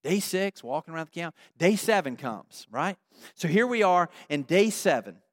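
A male pastor giving a sermon, telling a story with animated energy and checking in with his congregation through questions. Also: on the high side, moderate pace. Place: church. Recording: long reverb of a large hall.

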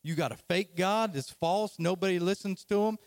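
A man's voice: high voice, moderate pace, dry recording. A man voicing a bold, defiant male prophet who talks in brash, streetwise taunts.

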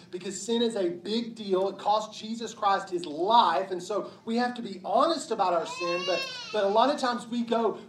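A man delivers a sermon with a high, impassioned voice, repeating phrases and acting out the voices in people's heads. He is heard from some distance in an echoey church room with faint ambience behind him. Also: a little hiss or hum. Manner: impassioned, repetitive, acts out inner voices. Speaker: pastor. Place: church sanctuary.

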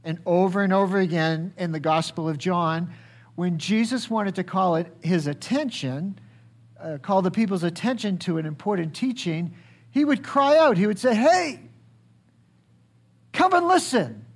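A man preaching a sermon, asking the congregation questions and acting out quoted speech, swinging high and dropping low for emphasis. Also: normal speed. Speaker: pastor.

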